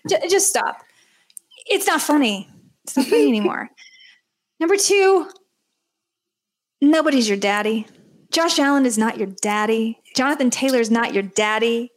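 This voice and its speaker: Animated high-voiced woman podcast host. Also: moderate pace, pauses often. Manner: animated, ranting, sarcastic. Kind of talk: casual podcast chat.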